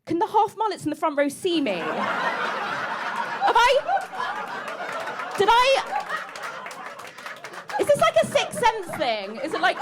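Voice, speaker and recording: A woman, doing a chatty, self-mocking stand-up set and teasing the crowd in a comedy club. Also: high voice. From England. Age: 30s. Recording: live club recording with audience noise.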